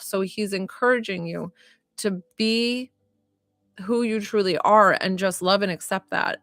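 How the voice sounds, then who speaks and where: A woman working as a psychic medium, giving live readings to viewers in a warm, rambling way with lots of filler words. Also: medium pitch, dry recording. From northern United States.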